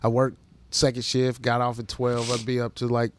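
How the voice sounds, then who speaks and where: A middle-aged man on a podcast, telling stories in loud, lively bursts and swearing freely. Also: medium pitch, moderate pace. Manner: animated storyteller, swears freely, acts out his own lines loudly. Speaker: podcast co-host. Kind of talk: casual chat.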